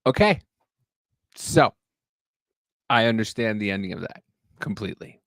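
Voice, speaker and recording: A man's voice: fairly low pitch, lively intonation, unhurried, gravelly, fairly bright tone, no room sound, studio quality. A man co-hosting a podcast, chatting casually and bluntly, swearing now and then. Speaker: podcast co-host. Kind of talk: casual chat.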